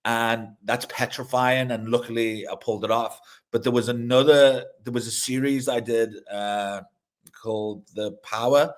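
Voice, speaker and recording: A middle-aged film director and actor, appearing as a guest, chats loosely in an interview, swearing freely, restarting sentences, and laughing mid-story. His medium-pitched voice keeps a steady tone at normal speed.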